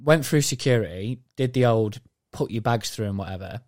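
A man's voice: mid-range voice, a little fast, no echo, studio quality. Swearing man telling stories. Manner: swears freely, animated storytelling. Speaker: podcast co-host. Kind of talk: casual chat.

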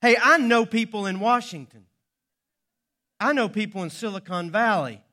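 A man's voice: fairly high pitch, sing-song, moderate pace, bright, forceful tone. A man playing an arrogant adult who boasts about their status. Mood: boastful. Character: arrogant boastful adult throwing weight around.

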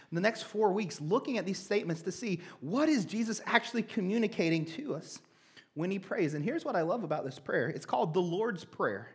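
A young man preaching a sermon, telling a childhood story with animated, conversational energy. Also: high voice. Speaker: pastor.

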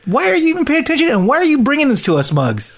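A man's voice: extremely high pitch, wildly swooping pitch, very fast. A man co-hosting a podcast, arguing heatedly and swearing in casual chat. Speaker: podcast co-host.

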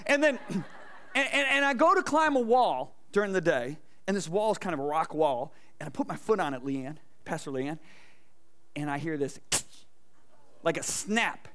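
A man preaching a lively sermon in a high, bright voice. He tells stories and acts out voices along the way, swinging from loud bursts to soft asides as he talks to the congregation. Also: moderate pace. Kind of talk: energetic sermon with stage demonstration. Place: church stage before a congregation.

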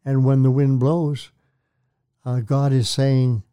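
With a mid-range, mellow, clean voice, an older minister speaks slowly and flatly. Interviewed on a Christian talk show, he tells his faith story in an earnest, preacherly manner, repeating phrases to stress them.

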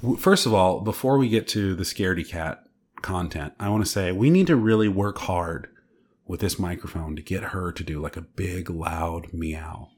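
A man's voice: deep voice, moderate pace, a little mellow, a little hiss or hum. A man co-hosting a podcast, chatting casually in a rambling, enthusiastic way with lots of fillers. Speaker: podcast co-host. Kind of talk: casual chat.

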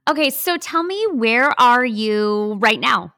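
A woman's voice: fairly high pitch, lively intonation, slow, bright, forceful tone, smooth, dry recording, clean studio sound. Bubbly Midwestern woman podcast host. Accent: Midwestern American. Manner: bubbly, enthusiastic, gushing. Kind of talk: upbeat podcast interview.

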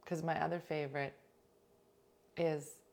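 Woman host, low-pitched, casual playful chat with viewers, soft asides. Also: flat delivery, measured pace, creaky. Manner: chatty and playful, often trails into soft asides. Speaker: livestream host.

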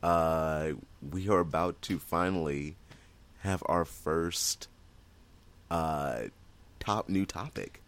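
A man's voice: deep voice, slow pace, long pauses, fairly bright tone. A man co-hosting a podcast in casual chat, talking enthusiastically with lots of fillers and restarts. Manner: rambling, many fillers and restarts. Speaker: podcast co-host.

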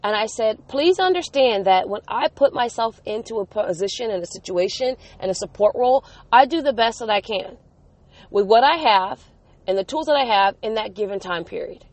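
A woman's voice: on the high side, animated, moderate pace, darkish tone, dry recording. A middle-aged woman talking casually, venting and retelling conversations in quotes. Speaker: mother vlogging about her day. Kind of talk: casual storytelling monologue.

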